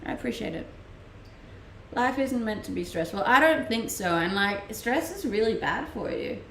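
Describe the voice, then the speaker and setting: A young Danish woman with a Danish accent chats casually on a live stream from a room at home, answering viewers' questions and laughing often. Her fairly high voice is animated, with vocal fry and a moderate pace. The roomy home-mic sound carries a little hiss or hum.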